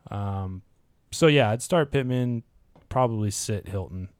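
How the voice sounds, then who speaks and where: A man co-hosting a fantasy football podcast, going over matchups and injury news in a steady, measured way. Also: on the low side, clear, resonant tone, no room sound. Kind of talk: casual podcast chat.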